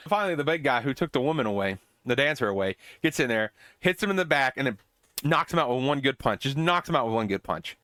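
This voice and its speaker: A man's voice: a little high, a bit bright, dry recording, studio quality. A man hosting a podcast, recapping an old film in a casual, rambling way with swearing and joking asides. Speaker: podcast host.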